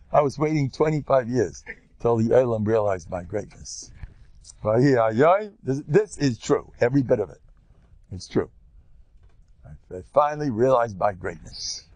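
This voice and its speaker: An older man from the United States, giving a lively Torah lecture as a rabbi in a joking, animated storytelling way. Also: mid-range voice, a little slow, pauses often, no room sound.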